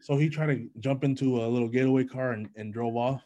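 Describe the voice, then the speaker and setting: A man's voice: medium pitch, fast, lo-fi sound. Young man telling a profane story. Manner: profane, animated storytelling with slang. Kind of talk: casual chat.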